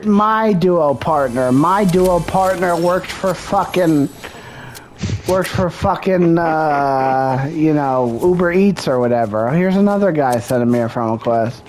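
A man's voice: fairly high pitch, expressive, slow pace, slight background noise. A man making gaming videos, giving a profane, frustrated running commentary and trash-talking other players as he plays.

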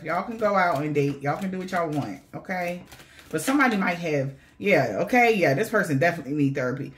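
A woman giving a casual tarot reading to her viewers, animated and slangy, swearing and laughing often. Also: on the low side. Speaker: tarot reader.

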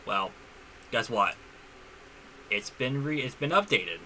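A young man doing casual gameplay commentary as a YouTuber, excitable, with frequent stumbles and restarts. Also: medium pitch, takes it slowly, a little hiss or hum. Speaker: gaming YouTuber.

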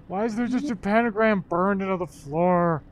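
A man playing a horror game and commenting casually, joking and breaking into dramatic shouts. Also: high voice, moderate pace. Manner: jokey, bursts into dramatic shouts. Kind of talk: casual let's-play commentary.

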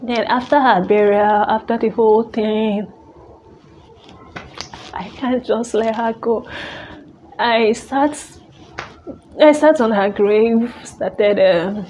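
Woman, personal story vlog, unhurried, halting with restarts, faint ambience behind. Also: fairly high pitch, a little mellow, dull audio, slight background noise. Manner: halting, emotional, with many restarts. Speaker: vlogger.

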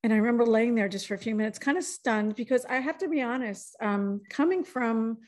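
A woman's voice: fairly high pitch, a little fast. A woman hosting a podcast, talking in an enthusiastic, conversational way. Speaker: podcast host.

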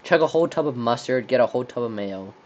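A man's voice: mid-range voice, lively intonation, quick pace, a little mellow, muffled recording. Rambling young man thinking aloud. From Texas. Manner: rambling, thinking aloud with many likes and restarts. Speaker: channel host. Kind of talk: casual would-you-rather game commentary. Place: room with a squeaky chair.

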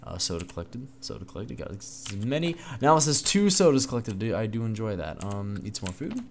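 Excitable man doing gaming commentary. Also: fairly low pitch, brisk, slight background noise. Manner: excitable, exclaims often, talks to himself. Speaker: gaming channel host. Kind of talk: let's play commentary. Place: dark room at home at night.

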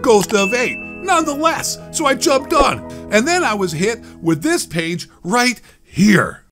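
Sarcastic, animated gaming ranter. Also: male voice, extremely high pitch, a little slow, faint music behind. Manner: sarcastic, exasperated, swears often. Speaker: gaming YouTuber. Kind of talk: gaming commentary rant.

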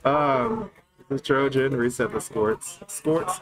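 A man commentating an esports tournament, joking and hyped, swinging between shouts and mumbles. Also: mid-range voice, very animated, a little slow, rough recording. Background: game music.

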